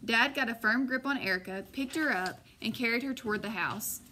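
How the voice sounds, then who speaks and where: A woman narrating a first-person audiobook in a measured way, slowing on suspenseful moments. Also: fairly high pitch, sharp tone, a little hiss or hum.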